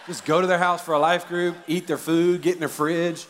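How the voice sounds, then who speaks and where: A man preaching a sermon as a pastor, conversational and joking, with sudden loud emphasis on key words. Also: fairly high pitch, fairly even intonation, brisk, hardly any pauses, a little hiss or hum. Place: church auditorium. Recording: reverberant large hall.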